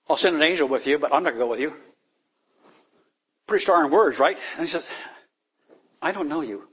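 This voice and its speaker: Slow, husky man preaching emphatically. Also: on the high side. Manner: emphatic, drawn-out delivery with sudden loud peaks. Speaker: Bible teacher. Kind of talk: sermon.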